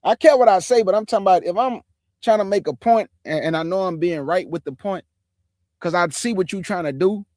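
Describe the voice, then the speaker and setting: A man in his forties with a fairly high voice, talking bluntly in a casual, slangy livestream testimony. His delivery is animated and plain-spoken. The sound is dry and close, with no room echo. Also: fairly quick. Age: 40s. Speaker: livestream host.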